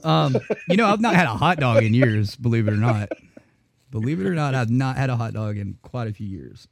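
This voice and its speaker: A man's voice: mid-range voice, expressive, fairly quick, vocal fry. A man co-hosting a podcast in casual chat, rambling and swearing freely, laughing often. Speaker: podcast co-host.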